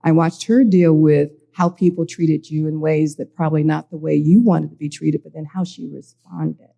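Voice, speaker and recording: Dark, very gravelly woman reminiscing. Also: low voice, fairly even intonation. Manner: reflective, halting with frequent restarts. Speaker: panel speaker, pastor's daughter. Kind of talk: reflective personal storytelling.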